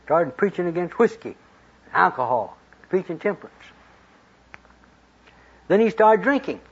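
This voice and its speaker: A man's voice: high-pitched, sing-song, measured pace, breathy edge. A man preaching a sermon, retelling scripture stories in a folksy, plain-spoken way and acting out the quoted lines. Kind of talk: storytelling sermon. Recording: dull lo-fi recording.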